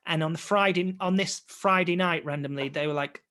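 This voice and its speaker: A young adult actor, interviewed as a guest, tells his story in a lively, casual way and acts out conversations he remembers. His voice is on the high side and a little fast.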